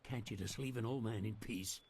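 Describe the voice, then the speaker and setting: A man's voice: fairly low pitch, a little fast, a little mellow, lightly acted. An actor playing a bitter, guilt-ridden old man in a video game, curt and withdrawn. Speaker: game character. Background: game music.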